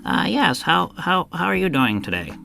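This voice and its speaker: A man's voice: a little high, sing-song, creaky, bright, forceful tone, faint music behind, voice pushed up, exaggerated voice. A man imitating a hesitant woman relative ordering at a drive-thru, stumbling and stretching her words. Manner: halting, hesitant with ums, drawn-out words.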